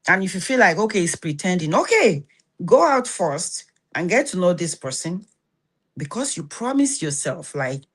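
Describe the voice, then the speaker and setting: With a fairly low pitch, big swings in intonation, a moderate pace and a breathy edge, this middle-aged Nigerian woman hosts a motivational self-help talk. She scolds bluntly and checks in rhetorically, often asking if you understand.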